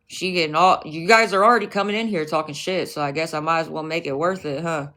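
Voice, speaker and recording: A woman's voice: sits low, fairly quick, hardly any pauses, fairly bright tone. A woman livestreaming, ranting at a rival and her chat in a profane, confrontational way, with mocking, scornful asides.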